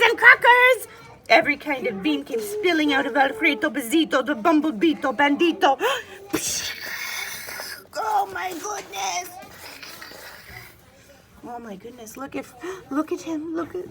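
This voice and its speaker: High, animated woman reading a storybook aloud. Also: creaky. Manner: animated and expressive, asks the child questions. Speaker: preschool teacher. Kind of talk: children's read-aloud.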